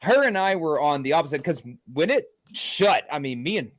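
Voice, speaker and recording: Animated man telling ghost-hunting stories. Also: a little high, normal speed, no echo, studio quality. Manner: excited, acts out quotes loudly. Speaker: paranormal investigator guest. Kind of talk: animated storytelling in a podcast interview.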